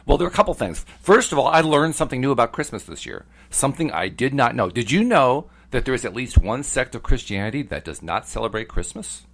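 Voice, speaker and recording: A middle-aged man co-hosting a podcast, chatting casually in a measured, explanatory way. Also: medium pitch, big pitch swings. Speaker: podcast co-host. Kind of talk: casual chat.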